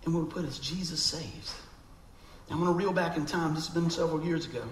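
A man's voice: on the high side, fast talker, roomy sound, slight background noise, poor audio. A man preaching a sermon, telling a story animatedly and acting out the voices of people in it.

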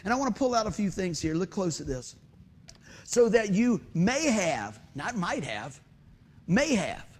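Animated high-voiced preacher. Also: male voice, moderate pace. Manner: animated, often laughing while telling the story. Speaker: preacher and musician. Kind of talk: sermon with a humorous personal story.

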